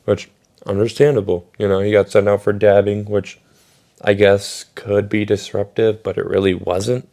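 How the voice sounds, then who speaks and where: Young guy ranting through a school story, low-ish mellow voice, swears a ton. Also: moderate pace. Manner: animated, swearing, acts out quotes in raised voice. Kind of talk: casual storytime vlog.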